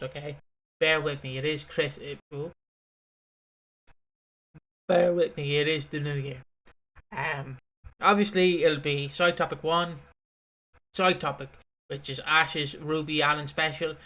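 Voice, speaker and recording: A man's voice: fairly high pitch, sharp tone. A man co-hosting a podcast in casual chat, rambling and swearing freely. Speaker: podcast co-host.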